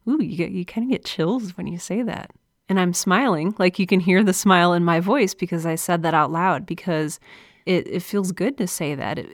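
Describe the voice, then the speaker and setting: A woman's voice: lowish voice, no room sound. A woman hosting her own solo podcast, speaking earnestly and confessionally into a close microphone, with an encouraging manner. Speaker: podcast host. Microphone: close studio mic.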